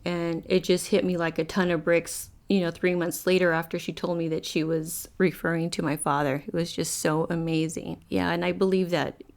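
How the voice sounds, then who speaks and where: Brief: woman, lowish voice, reflective testimony, halting and searching for words. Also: little pitch movement, creaky. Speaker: story contributor.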